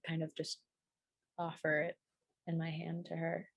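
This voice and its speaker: A woman's voice: low-pitched, monotone, a little slow, vocal fry, dry recording. A woman player speaking earnestly in character during tabletop role-play.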